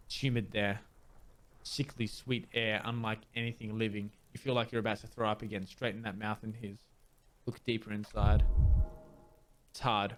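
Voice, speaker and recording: A man playing through a video game, reading its dialogue aloud and doing amateur voices for the characters. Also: on the low side. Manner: amateur voice acting, measured reading. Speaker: let's player.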